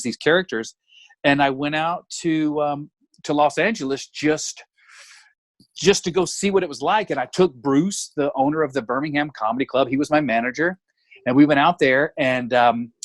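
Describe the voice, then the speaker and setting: A middle-aged man, a guest comedian telling stories in a casual, animated, chatty way. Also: on the high side, dry recording. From Alabama, US. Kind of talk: casual anecdotal storytelling.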